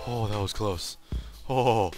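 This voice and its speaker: Low-voiced, excitable gaming guy. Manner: excitable, swears a lot, yelps at failures. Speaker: let's play host. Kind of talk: gaming commentary.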